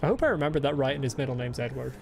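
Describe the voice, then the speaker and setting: A woman's voice: a bass voice, animated, rapid-fire, creaky, a little hiss or hum. A woman streaming a video game, chatting casually with giggly, rambling jokes to her chat. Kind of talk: casual gaming commentary.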